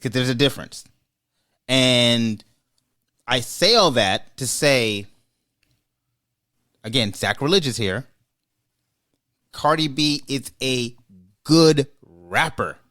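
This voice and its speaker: A man's voice: mid-range voice, expressive, slow, pauses often, bright, forceful tone. A man hosting a casual podcast debate, who speaks emphatically and speeds up when he makes a point. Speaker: podcast host.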